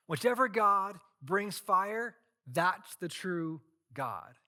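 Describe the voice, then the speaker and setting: A man's voice: sits high, expressive, slow pace, pushed and bright, heavily acted. A male pastor acting out a bold, defiant prophet who challenges a crowd and gives commands in a sermon retelling. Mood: challenging.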